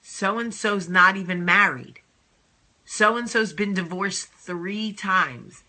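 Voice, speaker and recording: A woman voicing her own blunt, deadpan husband, who talks in a flat, matter-of-fact and teasing way. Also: medium pitch, slow.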